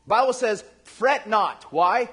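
A male pastor preaching a lively, conversational sermon, speaking directly to his congregation and acting out the voices he quotes. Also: high voice, slow, husky. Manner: animated, acts out quoted voices.

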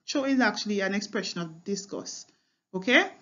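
A woman's voice: medium pitch, lively intonation, moderate pace, sharp tone, highs cut off. Woman explaining a poem, thinking aloud. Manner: explanatory, repeats words with fillers and checks with "right?" and "okay?". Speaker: teacher. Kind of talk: line-by-line poetry analysis lesson.

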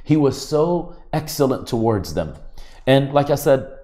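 A man's voice: mid-range voice, sing-song, unhurried, warm tone. A man giving a religious lecture, explaining Arabic terms in an earnest teaching manner.

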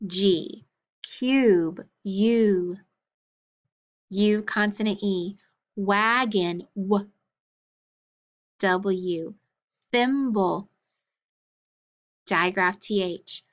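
Slow, deliberate woman teaching phonics. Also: mid-range voice, a bit bright, muffled recording. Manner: clear, deliberate, with short praise. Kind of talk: slow phonics drill, word then sound.

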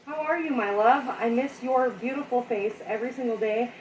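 Speaking at a moderate pace in a fairly high voice, a home cook chats casually and self-deprecatingly with viewers during a live cooking stream while preparing a simple meal in her kitchen. The rough recording was made from a distance in an echoey room, with a little hiss or hum.

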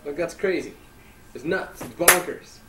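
A man's voice: on the high side, unhurried, a bit bright, roomy sound, slight background noise, poor audio. A man doing a food challenge on camera, hyped and joking, with playful boasting. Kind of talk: casual vlog commentary.

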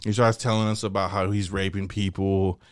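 A young adult man, a comedian, telling a rowdy story on a podcast in a casual, profane, animated way. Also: low voice, normal speed. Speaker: comedian guest.

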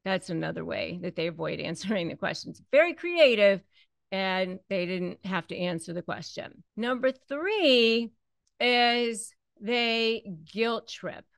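A woman's voice: mid-range voice, expressive, measured pace, creaky, dry recording. A woman hosting an advice talk, speaking conversationally and acting out the lines she quotes. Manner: conversational, repeats herself, acts out quoted lines. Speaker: host. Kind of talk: direct-to-camera advice talk.

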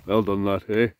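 A Scottish man fishing outdoors by a loch, giving excited, sweary commentary and shouting to a friend across the water. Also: fairly low pitch, gravelly. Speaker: fishing vlogger.

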